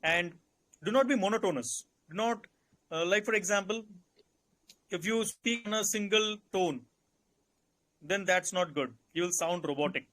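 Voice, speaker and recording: A man with an Indian English accent coaches candidates in a calm, instructive way and circles back to restate his points. His voice sits high and sounds bright and forward. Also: a little slow, long pauses. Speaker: interview coach. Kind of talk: advisory Q&A session.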